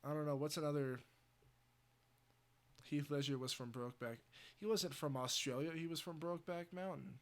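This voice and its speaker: A man's voice: a little high, fairly even intonation, normal speed. Rambling, crude young-sounding livestreamer man. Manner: rambling, crude, laughing asides. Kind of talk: casual chat.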